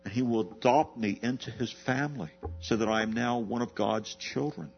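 A pastor delivers an expository sermon, asking rhetorical questions and slowing down to stress key words. His medium-pitched male voice is gravelly and slightly rough, and the audio sounds dull.

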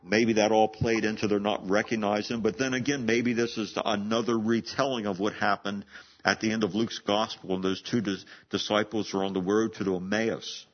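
A man's voice: lowish voice, flat delivery, moderate pace. A man preaching a sermon in a conversational way, often repeating and restarting words. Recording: dull lo-fi sound.

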